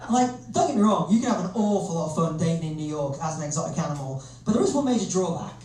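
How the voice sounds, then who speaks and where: A young man with a Northern English accent, doing a self-deprecating stand-up comedy set as a lively storyteller on a comedy club stage. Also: a little high, fast talker. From north of England. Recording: echoey club, distant mic, crowd.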